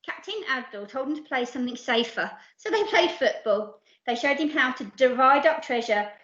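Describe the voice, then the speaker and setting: A woman reading a children's picture book aloud, lively and putting on voices for the characters. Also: high voice, moderate pace, reverberant, muffled recording. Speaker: storyteller.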